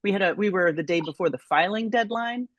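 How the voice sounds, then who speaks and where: Calm chair on dry, close audio. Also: mid-range voice, a little fast, dry recording. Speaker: committee chair. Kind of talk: chairing a committee meeting.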